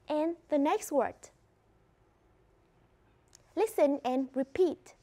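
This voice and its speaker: Woman, Vietnamese accent, English teacher, high voice, clear instructive classroom delivery. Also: extremely slow, dark tone. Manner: clear, instructive, mixes in explanations in her first language. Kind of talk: classroom lesson.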